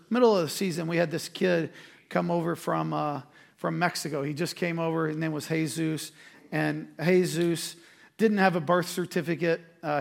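A man, a pastor preaching a sermon and telling a self-deprecating story with animated energy. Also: on the high side, gravelly.

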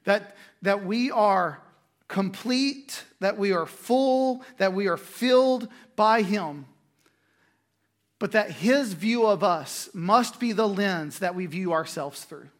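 A man preaching a sermon in a conversational way, with quick asides and restarts. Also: high-pitched, expressive. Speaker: pastor.

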